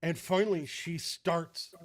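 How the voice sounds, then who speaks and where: A man narrating a tabletop game as game master, telling the scene in an animated way with loose restarts. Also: on the high side, unhurried.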